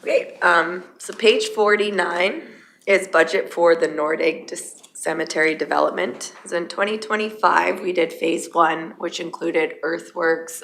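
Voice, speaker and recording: A woman from county administration presenting a budget at a council meeting, losing her voice and speaking in a halting, matter-of-fact way with fillers. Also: fairly low pitch, vocal fry, fairly bright tone, slight background noise. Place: council chamber.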